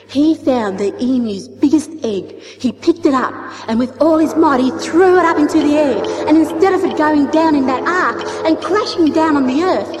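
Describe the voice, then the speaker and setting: Expressive high-voiced woman storyteller. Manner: expressive, rhythmic, repeating phrases. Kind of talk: oral storytelling. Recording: echoey hall with music behind.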